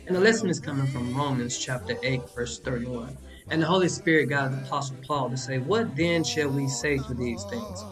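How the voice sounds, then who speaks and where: A man's voice: mid-range voice, brisk, music in the background. A man hosting his own podcast who teaches Bible lessons in an emphatic, colloquial preaching style full of rhetorical questions. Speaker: coach giving Bible lessons, show host.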